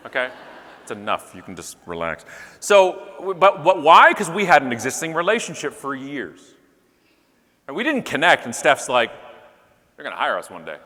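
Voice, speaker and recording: A man giving a comedic keynote speech to a live audience, joking and talking straight to the crowd. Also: medium pitch. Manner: animated, joking, talks to the crowd. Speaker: keynote speaker. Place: large conference hall with live audience. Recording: long hall reverb.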